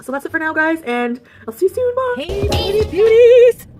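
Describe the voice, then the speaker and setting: A woman's voice: very high voice, sing-song, fairly quick, loud music behind the voice. A woman in her thirties telling a casual storytime from her parked car, chatty and laughing often, stopping to eat between sentences. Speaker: vlogger.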